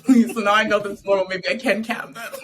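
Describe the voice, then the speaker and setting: A woman's voice: mid-range voice, normal speed, background noise. A woman hosting a casual podcast chat, telling candid stories with frequent laughter. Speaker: podcast host.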